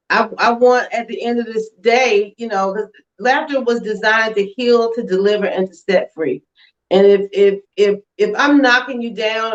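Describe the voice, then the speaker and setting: A comedian and grandmother speaks as a guest in an animated, preachy way, restarting her sentences with stammers. Her voice sits a little high, and the audio is dull and lo-fi. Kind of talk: casual interview chat. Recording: dull lo-fi online show audio.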